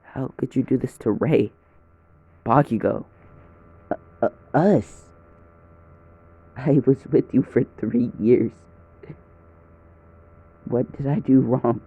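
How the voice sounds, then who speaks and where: A man's voice: medium pitch, takes it slowly, long pauses, husky. A man voicing a betrayed young male hero who turns coldly vengeful, in a fan story read over a dull lo-fi recording. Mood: hurt, pleading. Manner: wounded, then icy and threatening.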